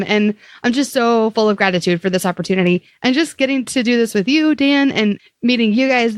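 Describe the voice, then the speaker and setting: A woman talks quickly and bluntly on a casual podcast, teasing her co-host. Her voice sits a little high. The recording is close and dry. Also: dry recording.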